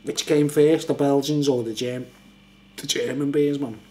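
A man's voice: mid-range voice, fairly even intonation, normal speed, warm tone. An older man, a little tipsy, rambling and laughing as he reviews a beer late at night at home. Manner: rambling, chatty, laughs often.

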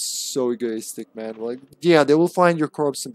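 Livestreaming a horror game, this man talks at a moderate clip in a mid-range voice, barely pausing at all. His play-by-play is full of jokes and sarcasm, and he answers his audience in an easygoing, conversational way.

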